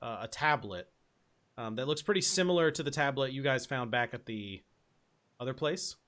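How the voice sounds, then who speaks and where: A man's voice: medium pitch, moderate pace, a bit bright. A man running a tabletop game as game master, chatty and laughing easily.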